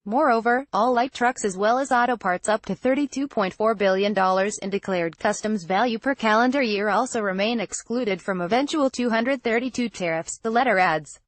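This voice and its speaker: A woman narrating a trade-policy newsletter as scripted news, with a measured, even delivery. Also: a little high, no room sound.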